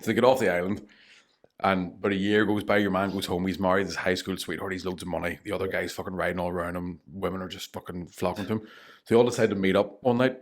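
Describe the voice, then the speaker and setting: Northern irish comedian rambling thru a dad joke, swears a lot, low voice, fast. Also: male voice, steady tone. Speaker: comedian guest. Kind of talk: telling a joke on a podcast.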